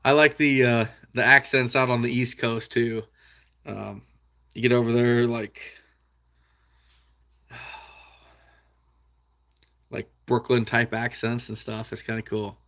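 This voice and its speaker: A young man from the American Midwest talks casually to his live-stream viewers. He answers their questions by name and laughs often as he chats. His voice sits at an everyday middle pitch. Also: fairly even intonation, takes it slowly, pauses often, a bit bright. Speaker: trapping channel host reading live chat.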